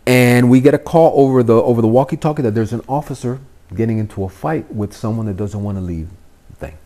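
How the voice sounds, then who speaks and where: At medium pitch and a quick pace, a middle-aged Cuban-American Miami man tells stories as a podcast guest. He's animated and profane in this relaxed chat, voicing the characters as he goes.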